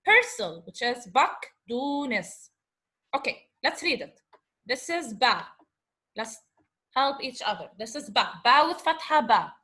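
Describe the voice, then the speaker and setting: A woman's voice: fairly high pitch, very animated, slow pace, bright, forceful tone. A woman teaching an Arabic revision lesson, patiently sounding out words syllable by syllable. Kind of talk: revision lecture.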